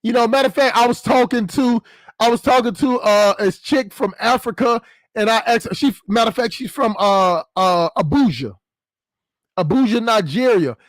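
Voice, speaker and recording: A man's voice: very high-pitched, normal speed, dry recording. A man hosting his channel in a casual vlog monologue, rambling and profane, restarting and repeating phrases. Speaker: channel host.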